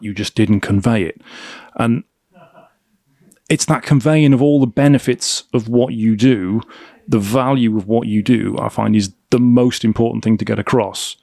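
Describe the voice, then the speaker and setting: Low gravelly guy hosting a podcast, kinda hesitant, dry close sound. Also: fairly even intonation, moderate pace, darkish tone, no echo. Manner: thoughtful, hesitant restarts. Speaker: podcast host. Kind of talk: podcast interview.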